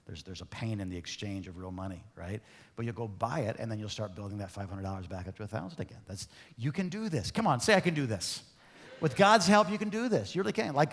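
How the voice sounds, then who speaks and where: A pastor with a fairly high voice preaches in a church sanctuary, animated and conversational, often putting questions to the congregation. The long reverb of the church hall fills the recording.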